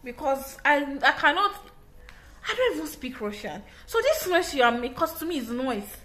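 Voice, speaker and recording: Animated woman telling a story. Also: high voice, moderate pace, faint music behind. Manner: animated, emphatic retelling with restarts. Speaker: English teacher. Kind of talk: casual storytelling.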